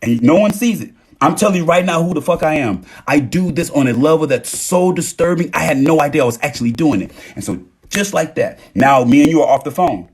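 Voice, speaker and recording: A young man with a husky voice giving a rambling, emphatic live-stream monologue on relationships, often acting out what other people say. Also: on the high side, expressive, brisk, few pauses. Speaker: TikTok live host.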